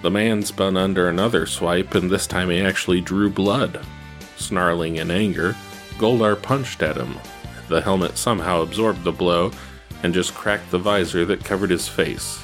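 A man narrates an action story in a steady, even reading. His voice sits low, and faint music plays beneath him. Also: normal speed. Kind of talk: reading fan fiction aloud.

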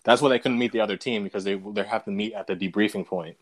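A man talking with friends in a relaxed, rambling way, his voice often trailing off quietly. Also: lowish voice, fast talker. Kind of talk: casual chat with friends.

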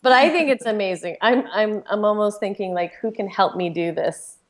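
Woman co-host, mid-pitched, chatty, enthusiastic, lots of ums and uhs. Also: normal speed. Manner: chatty, enthusiastic, many fillers. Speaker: podcast co-host. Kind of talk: casual podcast chat.

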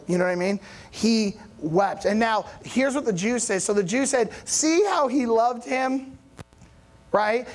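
A man preaching a conversational sermon as pastor in a church, keeping a chatty, animated tone and often checking that his congregation follows along. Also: high-pitched. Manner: animated, rising emphasis on key points.

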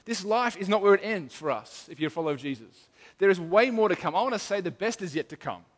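Earnest middle-aged man preaching, high voice, echoey hall, keeps restarting. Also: expressive, fast. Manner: earnest, emphatic, with repeated restarts. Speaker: pastor. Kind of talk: sermon. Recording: long hall reverb.

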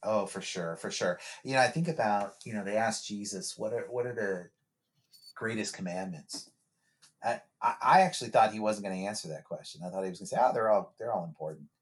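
A man's voice: fairly low pitch, fairly quick. A man who works as a therapist, a guest on a podcast, speaking in a reflective, conversational way with frequent restarts and repeated words.

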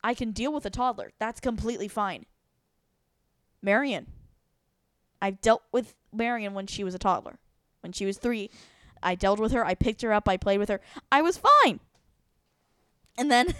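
A woman's voice: a little high, normal speed, long pauses, a bit bright, no room sound, studio quality. A young woman co-hosting a casual podcast, talking in an anxious, self-deprecating, rambling way. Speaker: podcast co-host. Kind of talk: casual chat.

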